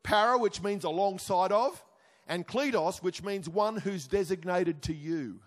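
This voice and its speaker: A high-voiced man preaching from the pulpit, his tone swinging from emphatic bursts down to quiet, intimate asides. The sound carries the long reverb of a church hall. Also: measured pace. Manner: emphatic, rising to exclamations then dropping low and intimate. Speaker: pastor. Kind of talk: sermon.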